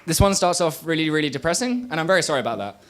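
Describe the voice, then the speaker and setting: Young man, spoken word poet, fairly high voice, rhythmic delivery, loud-to-hushed swings, small live stage. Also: sing-song, rapid-fire, a little hiss or hum. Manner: rhythmic, swings from loud bursts to quiet murmurs.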